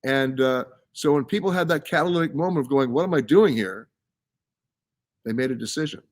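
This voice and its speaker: Broadcasting a live travel show from a science center, a man with a mid-range voice talks a little fast. He reads out viewer comments and answers them in a casual, emphatic live-stream chat.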